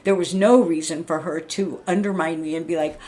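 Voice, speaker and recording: A woman's voice: fairly low pitch, fairly even intonation, brisk, warm tone. A middle-aged woman livestreaming a casual, rambling rant, blunt and full of swearing. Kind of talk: casual venting monologue.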